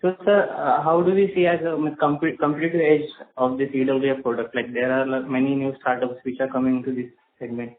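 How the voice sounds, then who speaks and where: A man's voice: mid-range voice, steady tone, fairly quick, hardly any pauses. A man with an Indian accent, an analyst asking a question on an earnings call, polite and beginning sentences with "so". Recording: tinny phone line.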